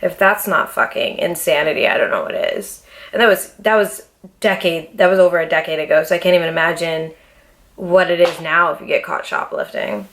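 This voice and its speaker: A woman's voice: low-pitched, lively intonation, brisk, fairly bright tone. A young adult woman vlogger telling a personal story in a casual, blunt, profane way, full of fillers.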